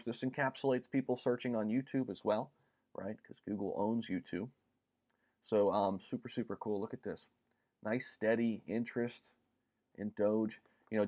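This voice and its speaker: A man hosting a casual livestream, chatty and upbeat, filling pauses with ums and uhs as he talks to viewers. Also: lowish voice, a little mellow. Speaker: crypto livestream host.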